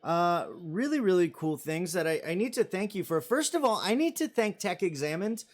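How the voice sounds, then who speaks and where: A man's voice: high-pitched, very animated, normal speed. A man in his thirties hosting a live stream, chatting casually and rambling as he reads viewer comments and jokes about himself. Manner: self-deprecating and joking.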